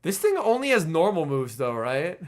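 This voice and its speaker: A man streaming a game and chatting with viewers, his voice hoarse and strained, reacting excitably to the play. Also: a little high, moderate pace. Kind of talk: casual gaming livestream chat.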